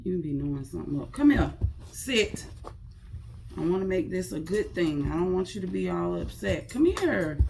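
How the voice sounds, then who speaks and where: A woman's voice: fairly low pitch, steady tone, fast talker, vocal fry, few pauses, warm tone, a little hiss or hum. A woman vlogging at home into a phone camera, chatting casually in a slangy, coaxing way. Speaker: pet vlogger. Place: home, indoors.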